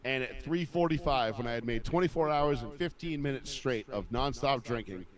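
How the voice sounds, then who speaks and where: A man's voice: mid-range voice, normal speed. A man from the Boston area telling a long, rambling, profane story in a casual podcast chat. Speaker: podcast host.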